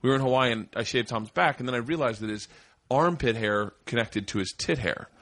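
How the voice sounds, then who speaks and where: A man hosting a podcast in a studio, telling loud, profane, laughing stories in a casual chat. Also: mid-range voice, a little fast, dry recording. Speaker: podcast host.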